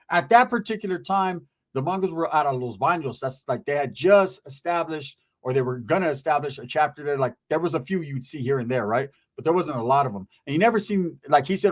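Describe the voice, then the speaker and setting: Fast-talking husky-voiced male storyteller. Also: on the high side, expressive. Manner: rambling, profane, laughs at own story. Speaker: storyteller on a talk show. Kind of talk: casual storytelling.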